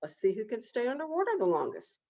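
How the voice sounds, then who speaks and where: A woman's voice: sing-song, fast talker, mellow. A woman voicing a proud, crafty male turtle who is indignant and scheming, in an oral folk tale, on a dull lo-fi recording. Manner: indignant then sly, shifting between high exclamations and muttered asides.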